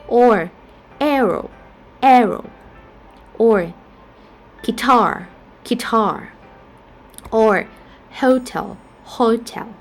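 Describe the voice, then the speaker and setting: A woman who speaks English as a second language, teaching a phonetics lesson and saying each example word twice with care. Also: on the high side. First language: not English. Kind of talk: slow spoken lesson.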